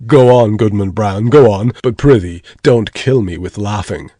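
A man's voice: lowish voice, a little slow, mellow, no room sound. A man doing a sly old devil traveller. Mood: amused.

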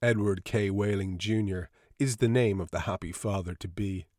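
A man voicing a bitter, sulky young father who talks in a flat, sarcastic way. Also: low-pitched, normal speed, no echo, studio quality, close to an everyday voice.

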